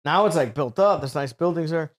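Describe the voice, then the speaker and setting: High-voiced man rambling through a story. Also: lively intonation, a little fast. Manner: rambling, profane, laughs through stories, mimics people. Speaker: guest storyteller. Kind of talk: casual storytelling, podcast chat.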